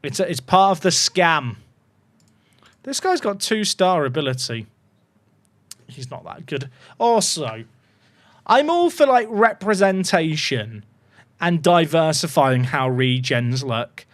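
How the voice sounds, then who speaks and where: This gaming YouTuber speaks slowly in a slightly high, sing-song voice, pausing often, on a dry recording. Chatty and playful, he narrates his football management game with plenty of jokes aimed at his audience.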